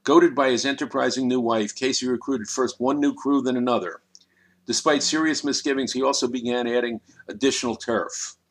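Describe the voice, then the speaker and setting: A man reading a crime audiobook in a measured, dramatic storytelling manner. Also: medium pitch, fairly even intonation. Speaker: narrator. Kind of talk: scripted audiobook narration.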